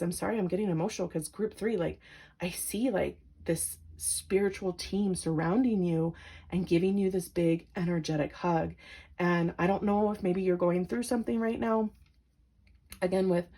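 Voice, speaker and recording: Woman, tarot reader, low voice, gravelly, mellow, gentle, filler-heavy. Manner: gentle, emotional, many "like" fillers. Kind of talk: pick-a-card tarot reading.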